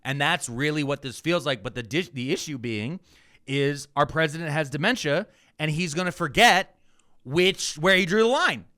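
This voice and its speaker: A man's voice: fairly high pitch, moderate pace, sharp tone. A man co-hosting a podcast, ranting with profanity in casual news commentary. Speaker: podcast co-host.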